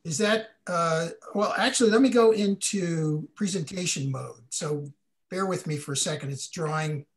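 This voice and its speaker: A man's voice: fairly high pitch, moderate pace. An older man, a guest speaker, answering questions in a casual, folksy way on a video call, often correcting himself mid-sentence.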